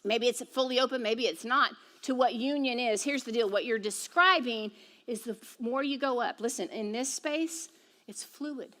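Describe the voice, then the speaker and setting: A middle-aged woman teaching a spiritual group in a conversational, animated way, often checking in with "okay?". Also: fairly high pitch, normal speed.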